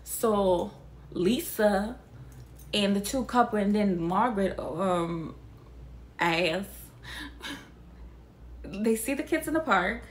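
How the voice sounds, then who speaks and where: A young woman chatting casually about a film, animated and incredulous, swearing freely as she talks. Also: mid-range voice, slow, pauses often, a little hiss or hum. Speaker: vlogger reviewing a film. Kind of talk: casual reaction chat.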